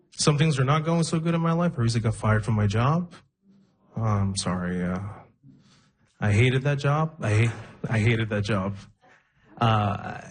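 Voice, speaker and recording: A young man performing a stand-up comedy set, telling stories deadpan and laughing at his own jokes. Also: mid-range voice. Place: comedy club stage with audience.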